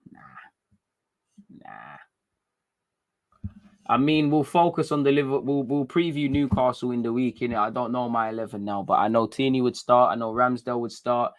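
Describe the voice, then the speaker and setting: A British man from England hosting a casual livestream, chatting in slang, reading viewer comments and talking with animated energy. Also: mid-range voice, moderate pace. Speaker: livestream host.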